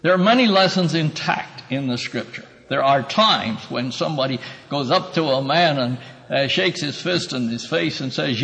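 A man's voice: mid-range voice, lively intonation, moderate pace, gravelly, fairly bright tone, big-room sound, poor audio. A man teaching a Bible class, explaining scripture verse by verse and calling on students by name. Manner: earnest, emphatic when quoting scripture.

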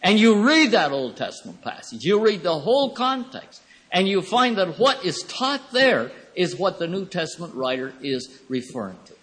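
A man giving a Bible lecture in a thoughtful, rambling way, with pauses and fillers. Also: high voice, sing-song, fairly bright tone, breathy edge. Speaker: Bible teacher. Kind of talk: classroom lecture. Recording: reverberant hall recording.

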